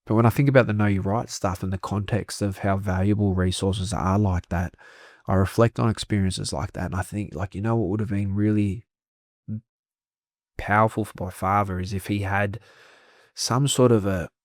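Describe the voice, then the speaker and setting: A man's voice: lowish voice, steady tone, moderate pace, darkish tone, no room sound, clean studio sound. An Australian man telling a personal story candidly, swearing freely and laughing through hard memories.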